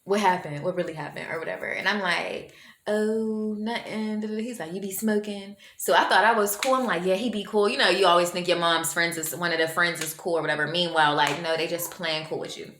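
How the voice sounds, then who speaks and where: A woman's voice: on the low side, a little fast. A woman vlogger telling a story to camera in a casual, slangy way, acting out what people said. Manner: animated, slangy, acts out quoted voices. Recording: echoey room with faint noise.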